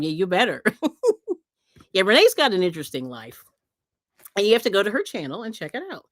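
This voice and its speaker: A woman's voice: fairly low pitch, very animated, moderate pace, long pauses, fairly bright tone, no echo, studio quality. A woman hosting a livestream, chatting casually with viewers, rambling with many fillers and frequent laughs. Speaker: livestream host.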